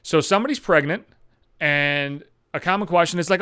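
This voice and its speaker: A man's voice: a little high, normal speed, sharp tone, clean tone, no echo, clean studio sound. A young man in a profane, sarcastic comedic rant. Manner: ranting, profane, sarcastic, with mocking voices for others.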